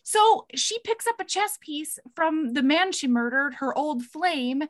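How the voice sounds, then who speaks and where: Animated woman recapping a book. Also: high voice, a little slow. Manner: animated, jokey, acts out scenes. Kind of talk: casual book recap chat.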